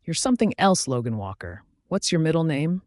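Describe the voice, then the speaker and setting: A man's voice: on the high side, sing-song, a little fast, darkish tone, dry recording, clean studio sound, voice pushed up. A man reading an audiobook, voicing a playful, teasing young woman with a light touch.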